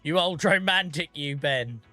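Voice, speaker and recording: A man's voice: fairly high pitch, a little slow, bright, forceful tone, no echo, soft background music. A British man chatting casually on a live gaming stream, joking, teasing his chat and swearing freely. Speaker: game streamer.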